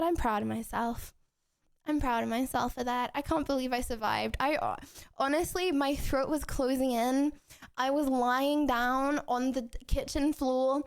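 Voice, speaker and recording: High-voiced young woman chatting on a stream. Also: gravelly. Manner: chatty and rambling, with frequent restarts and giggles. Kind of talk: casual chat with viewers.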